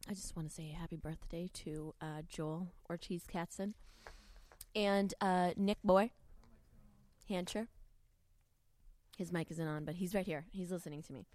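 A woman's voice: on the low side, steady tone, measured pace, long pauses, a little mellow. A woman evangelist hosting a podcast, teaching from the Bible in a casual, filler-heavy way with bits of street slang, at a studio mic. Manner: chatty and informal, with many fillers and street slang. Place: podcast studio with a co-worker present.

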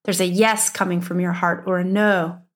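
A woman's voice: on the low side, level tone, normal speed. A woman in her thirties with an Upper Midwestern accent, teaching as a spiritual coach in an earnest, emphatic way that repeats key phrases. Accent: Upper Midwestern American. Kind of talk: teaching monologue.

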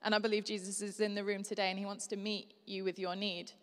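A woman's voice: medium pitch, quick pace, smooth. Young woman preaching in a reverberant hall. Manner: conversational, animated storytelling. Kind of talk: sermon.

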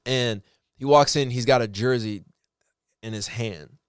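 A man's voice: medium pitch, a little slow, clear, resonant tone, no echo, clean studio sound. A man telling a personal story to his viewers in a casual, heartfelt way, rambling and correcting himself as he goes. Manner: rambling, with frequent restarts and self-corrections; earnest and encouraging.

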